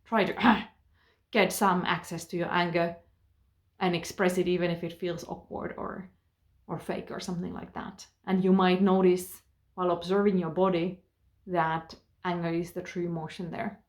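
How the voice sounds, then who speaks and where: Calm, low-voiced woman therapist. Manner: calm, gentle, thoughtful with frequent pauses and fillers. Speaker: therapist and trainer. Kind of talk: advice talk to camera.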